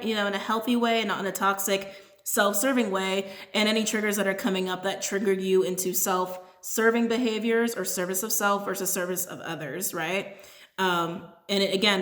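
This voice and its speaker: A woman talks through a tarot reading in a loose, rambling way, often checking in with "right?". Her voice sits in a middle pitch, and the room around her adds a noticeable echo. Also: fairly bright tone. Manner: chatty and rambling, with frequent "right?" asides. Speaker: tarot reader. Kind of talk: casual spoken tarot reading.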